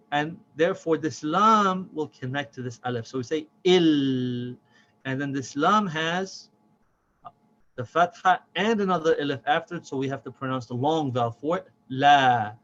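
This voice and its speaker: A man with a slightly high voice teaches a reading lesson, patiently drawing out and repeating each syllable. The recording sounds dull and lo-fi. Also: a little slow, sharp tone.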